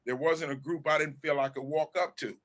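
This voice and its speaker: Comedian guy from socal, bright voice, animated storytelling, swears a lot. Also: on the high side, a little fast. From Southern California. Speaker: guest comedian. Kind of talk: casual interview chat.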